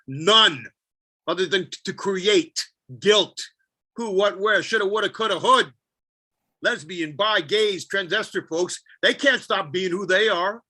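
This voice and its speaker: A man's voice: high voice, pushed and bright. A man giving a spoken-word poetry performance, brooding and self-questioning with a wry edge. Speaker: poet.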